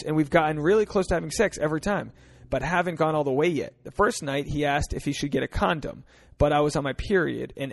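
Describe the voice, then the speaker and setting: A man's voice: mid-range voice, vocal fry. A man from Rhode Island hosting a comedic advice podcast, talking in a blunt, crude, joking way and acting out little scenes. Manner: blunt, crude, jokey, acts out voices. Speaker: podcast host.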